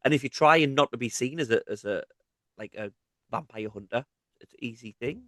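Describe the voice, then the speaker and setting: A man's voice: medium pitch, brisk, a bit bright, dry recording. Mackem man, teasing podcast host. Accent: Mackem (Sunderland). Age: 30s. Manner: teasing, jokey banter. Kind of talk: casual gaming podcast chat.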